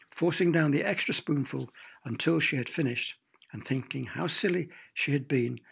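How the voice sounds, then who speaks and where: A man narrating a children's storybook with expressive, playful sound effects. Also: medium pitch, vocal fry, slightly rough.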